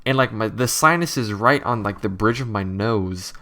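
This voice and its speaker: A man's voice: on the low side, normal speed, sharp tone. Nasal young man coding and rambling. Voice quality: nasal, irritated throat. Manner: rambling, self-correcting, thinks aloud while typing. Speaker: game developer. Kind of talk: casual coding commentary.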